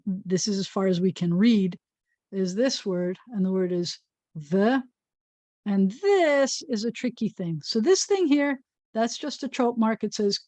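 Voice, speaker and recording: A woman's voice: medium pitch, warm tone, dry recording. A woman teaches Hebrew reading as a rabbi, patiently explaining letters and sounding out words. Her voice sits in the middle range and comes through dry and close. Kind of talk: online Hebrew reading lesson.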